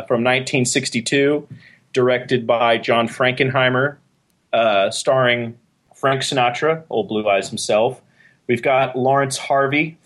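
Podcast host, man, mid pitch, hesitant and chatty. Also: a bit bright. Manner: hesitant, many filler uhs. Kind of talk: casual film chat.

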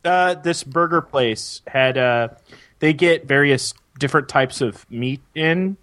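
A man's voice: on the high side, takes it slowly, no echo, clean studio sound. A man hosting a podcast, joking around in casual chat. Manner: lively, jokey, fake French bits. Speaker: podcast host.

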